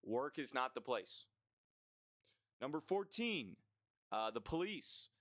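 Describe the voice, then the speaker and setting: A man's voice: medium pitch, big pitch swings, slow, fairly bright tone, no room sound, studio quality. A young man, ranting bluntly through a casual list of complaints, swearing often and sometimes sarcastic. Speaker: vlogger.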